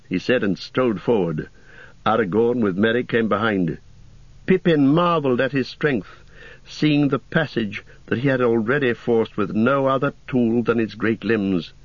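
Man narrating an audiobook, measured. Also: medium pitch, no echo, muffled recording. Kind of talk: scripted narration.

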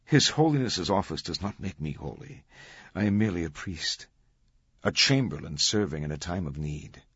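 Guy doing a tired young priest, bit of italian accent, low husky voice, dull dry audio. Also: expressive, normal speed, no room sound, exaggerated voice. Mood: weary. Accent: slight Italian. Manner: quiet, unpretentious, tired authority. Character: weary kind young male priest, soft-spoken.

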